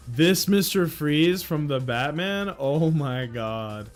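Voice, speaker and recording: A young man chatting casually on a livestream, excitable and swearing, with sudden loud outbursts. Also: a little high, takes it slowly, hardly any pauses, faint music behind. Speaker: streamer.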